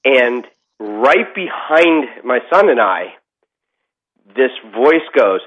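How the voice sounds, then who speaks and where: A man's voice: mid-range voice, sing-song, slow, a bit bright, dull audio. A middle-aged man telling a ghost story in casual chat, rambling with lots of fillers and restarts.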